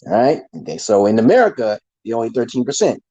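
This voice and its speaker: A man's voice: mid-range voice, very animated, fast, warm tone, breathy edge, highs cut off. A man delivering a rambling monologue to his viewers, ranting with heavy swearing and frequent restarts. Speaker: channel host.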